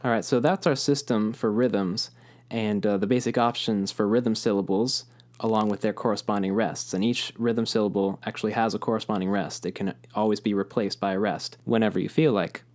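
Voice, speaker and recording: A man's voice: on the low side, fairly even intonation, fairly quick, darkish tone. A man teaching a music lesson, patiently explaining rhythms and chanting rhythm syllables aloud.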